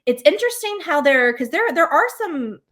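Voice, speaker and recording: A woman's voice: high voice, sing-song, moderate pace, fairly bright tone. A woman co-hosting a travel podcast in a chatty, casual way, often restarting her sentences. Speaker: podcast co-host. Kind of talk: casual chat.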